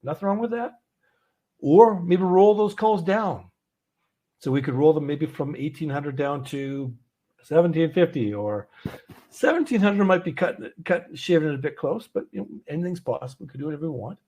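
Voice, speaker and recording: This is a man hosting a live market webinar, heard through a video-call mic. His voice has a slightly husky edge, and he talks in a loose, unpolished way. He thinks aloud as he goes, with plenty of fillers and restarts. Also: on the high side, expressive, normal speed, warm tone. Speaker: host of a trading webinar. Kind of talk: live conversational market talk.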